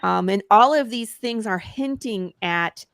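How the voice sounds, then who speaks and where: A woman's voice: medium pitch, unhurried, no room sound. A woman, a comic creator, chatting as an interview guest and telling stories with laughs and acted-out quotes. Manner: lively storyteller who laughs often and acts out quotes. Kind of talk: casual interview chat.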